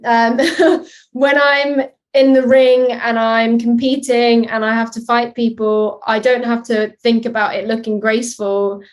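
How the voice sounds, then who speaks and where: A young adult woman, an actress guest, chatting through interview answers with ums and self-deprecating laughs. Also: fairly high pitch. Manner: chatty, laughs at herself, many ums and likes.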